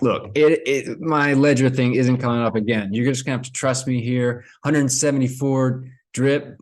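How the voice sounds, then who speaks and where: A man talks casually to camera and rambles through his explanations. His voice sits at an ordinary pitch for a man, and he keeps an easygoing, unscripted flow. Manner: rambling, with many fillers and restarts. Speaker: crypto vlogger.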